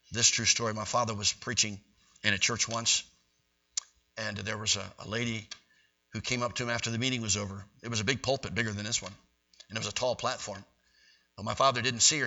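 A man preaching in a church, telling stories in a folksy, animated way. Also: medium pitch, quick pace. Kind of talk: sermon storytelling. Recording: dull, distant recording.

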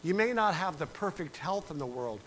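Animated preaching man, faint hum. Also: on the high side, fairly quick, poor audio. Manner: animated preaching, acts out quoted voices, sings verse. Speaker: pastor. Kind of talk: sermon.

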